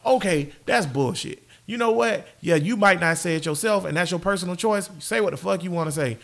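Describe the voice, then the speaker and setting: A man hosting a podcast in casual chat, animated and profane. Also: high-pitched, brisk, vocal fry. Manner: animated, profane, laughs often. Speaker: podcast host.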